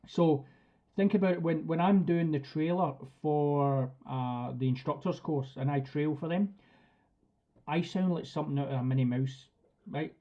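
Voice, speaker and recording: Male dog trainer, chatty and direct, slightly high voice, dull lo-fi stream audio. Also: fairly even intonation, measured pace. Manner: chatty and direct, acts out commands. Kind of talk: live online class talk.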